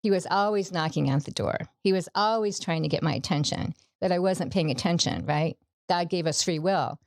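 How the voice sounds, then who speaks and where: A woman's voice: fairly low pitch, moderate pace, vocal fry, dry recording, studio quality. A middle-aged woman, a podcast guest, giving a personal faith testimony in an earnest storytelling way, acting out the quoted dialogue.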